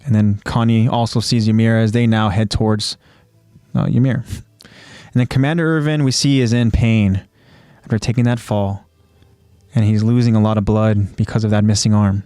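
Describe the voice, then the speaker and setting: A man's voice: fairly low pitch, steady tone, normal speed, mellow, smooth, dry recording, faint music behind. A man co-hosting a casual podcast, retelling scenes step by step and then talking loosely about them. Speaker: podcast co-host. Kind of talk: casual podcast chat recapping an anime episode.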